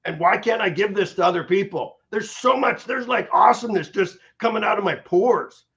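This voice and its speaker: Gravelly high-voiced man, muffled audio. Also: brisk. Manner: energetic, repeats words when starting sentences. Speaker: guest, stroke survivor. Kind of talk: candid interview talk. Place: in Los Angeles area.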